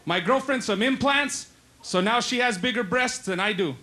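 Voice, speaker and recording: Stand-up comic, man, very high bright voice, live room with faint noise behind. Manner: punchy storytelling, acting out relatives and cops in quick voices. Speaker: stand-up comedian. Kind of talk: stand-up comedy set. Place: live comedy stage.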